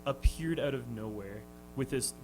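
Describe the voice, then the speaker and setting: Heard over music in a low-quality recording, a young man with a mid-range voice recounts a story at a moderate pace as a guest in a radio studio. The touring musician hesitates constantly, with lots of ums, restarts, and frequent laughter.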